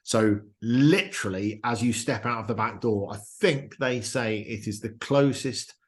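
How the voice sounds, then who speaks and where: A man's voice: medium pitch, measured pace. A man hosting a podcast, telling a travel story with enthusiasm in casual chat. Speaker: podcast host.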